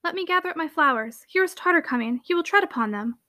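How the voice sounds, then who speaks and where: A graceful young heiress, voiced by a woman narrator, who talks frankly and with an easy spirit. Her voice is high and bright. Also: fast, full character voice. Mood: frank, lively. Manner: frank and lively.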